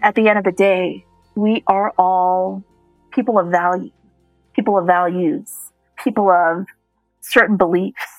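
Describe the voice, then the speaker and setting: A woman's voice: lowish voice, steady tone, measured pace, no echo, faint music behind, low-quality recording. A middle-aged woman telling a personal story as a guest, reflective and at times choked up.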